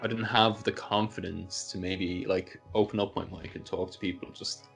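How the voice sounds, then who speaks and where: A man with a very low, gravelly voice hosts a casual podcast among friends. He rambles and fills pauses with ums and likes. Faint music sits under the talk. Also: fairly even intonation, a bit bright. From Poland. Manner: rambling, many fillers. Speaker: podcast host. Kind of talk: casual chat.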